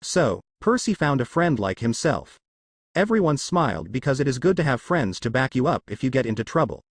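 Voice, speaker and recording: Male narrator reading fan fiction aloud, lively pitch, plain delivery, dry close-mic sound. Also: brisk, dry recording.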